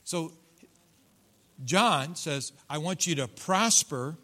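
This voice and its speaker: A middle-aged man delivers a sermon from a church pulpit with a folksy, teasing manner. His voice sits a little high and rings bright and forceful, and he slips into playful voices of his listeners. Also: animated, slow pace. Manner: folksy, joking preacher acting out congregants. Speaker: pastor. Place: church sanctuary.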